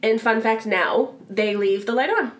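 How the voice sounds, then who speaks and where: A woman co-hosts a casual podcast in a voice pitched a little high. She is laid-back, laughs easily and swears now and then. Her voice bounces around an echoey room. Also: unhurried. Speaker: podcast co-host. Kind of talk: casual chat.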